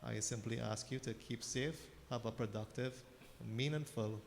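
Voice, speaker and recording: A man, a pandit giving a measured, formal address at a temple service. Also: medium pitch, fairly even intonation, vocal fry. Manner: measured, orderly, counts points in threes. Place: temple hall. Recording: reverberant temple hall, faint noise.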